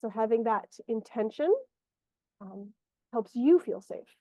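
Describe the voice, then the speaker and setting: A woman's voice: on the high side, animated, measured pace, mellow, dry recording. A woman energy healer guiding a client one-on-one, meandering and searching for her words aloud over a video call. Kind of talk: one-on-one guidance session. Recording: muffled lo-fi audio.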